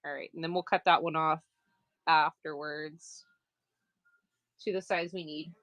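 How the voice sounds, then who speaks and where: Woman, rambling livestream chat, sewing as she talks, low-pitched voice. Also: steady tone, a little slow, a bit bright, rough recording. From Maine. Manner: chatty, rambling, laughs often. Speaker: craft seller on a live stream.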